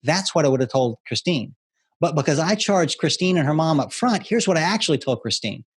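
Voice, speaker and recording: A middle-aged man speaking as a guest on an interview show, explaining sales storytelling in a lively way and acting out the voices of the people in his stories. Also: on the high side, a little fast, slightly rough. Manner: animated storyteller who acts out quoted voices. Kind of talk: conversational interview.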